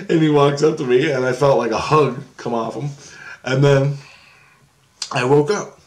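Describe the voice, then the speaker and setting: A middle-aged man rambles through a long story in a casual vlog. His voice sits at an ordinary male pitch. He swears freely and keeps breaking into laughter. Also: steady tone, normal speed. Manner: profane, laughs often, loose and talkative. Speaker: vlogger.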